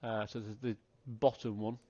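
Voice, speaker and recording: A man narrating as game master, talking in halting bursts with many restarts. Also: lowish voice, flat delivery, dark tone. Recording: dry, slightly dull online call audio.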